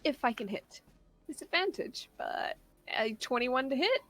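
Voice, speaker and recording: A woman's voice: sits high, lively intonation, measured pace, fairly bright tone. A woman playing a tabletop game, chatting casually in an upbeat, playful way. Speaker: player.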